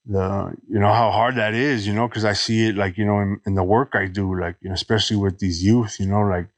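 A middle-aged man from Los Angeles, guest on a podcast, telling his recovery story in halting speech full of restarts. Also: on the low side, fairly even intonation, no echo. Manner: halting, many restarts and "you know"s.

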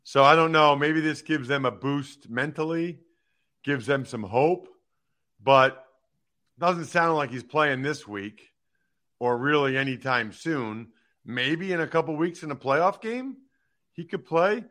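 Bright-voiced opinionated sports host man. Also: fairly high pitch, a little slow. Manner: emphatic, animated, teasing. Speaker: sports talk show host.

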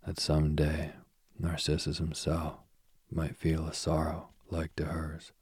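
Slow, deep, husky male reader for an old myth; soft, half-whispered delivery. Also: monotone, dry recording, clean studio sound. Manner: soft, often dropping to a whisper. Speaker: storyteller. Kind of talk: reading a myth aloud.

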